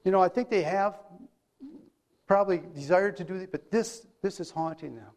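A man's voice: sits high, moderate pace, darkish tone. A man preaching a sermon in a conversational way, telling everyday stories and asking rhetorical questions.

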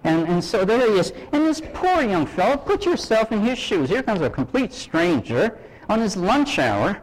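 A man's voice: high voice, moderate pace, low-quality recording. A middle-aged man from Canada preaching a sermon, telling stories with acted dialogue and asking his listeners questions. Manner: animated, acts out dialogue, asks audience questions. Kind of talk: sermon storytelling.

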